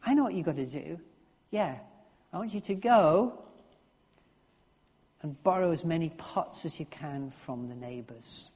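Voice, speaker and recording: A preacher putting on an unsure male prophet who prays aloud in a slow, husky voice. He sounds hesitant and pleading. Long reverb trails behind him in a big hall. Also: medium pitch, animated, a little mellow. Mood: relieved.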